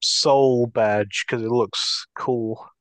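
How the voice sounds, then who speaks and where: A man's voice: medium pitch, steady tone, very slow, a bit bright, dry recording. A man co-hosting a podcast, talking casually in a rambling way and swearing freely. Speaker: podcast co-host. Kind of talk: casual chat.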